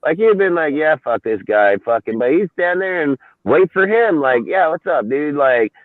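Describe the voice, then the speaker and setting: A man's voice: on the high side, expressive, moderate pace, dry recording. Man, swearing nonstop, rambling sports rant, tinny phone sound, dry. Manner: profane, heated, rambling. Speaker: co-host. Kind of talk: casual sports chat.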